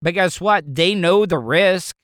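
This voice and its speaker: A man's voice: high-pitched, a little slow, a bit bright, dry recording, clean studio sound. A man talking casually and at length, rambling and restarting his sentences often. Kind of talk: casual opinion talk.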